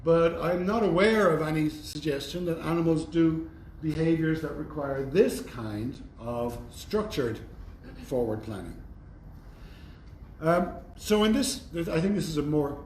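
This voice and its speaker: Lecturer, roomy echo. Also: male voice, a little high, animated, unhurried, darkish tone. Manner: thoughtful, conversational, wry asides. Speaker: university lecturer. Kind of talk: recorded university lecture. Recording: roomy echo, faint background noise.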